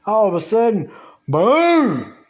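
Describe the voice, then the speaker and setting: Man, home vlog monologue, unhurried drawl, slightly high voice, rambling casual talk. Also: darkish tone. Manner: slow, drawling, meandering storytelling with Southern US grammar. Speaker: vlogger. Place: at home with the door open.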